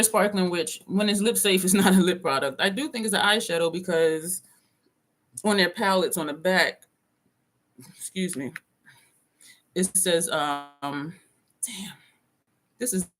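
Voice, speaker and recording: A woman's voice: fairly low pitch, unhurried, pauses often, fairly bright tone. A woman vlogger chatting casually on a live stream from her home desk, talking to viewers by name and reading their comments aloud.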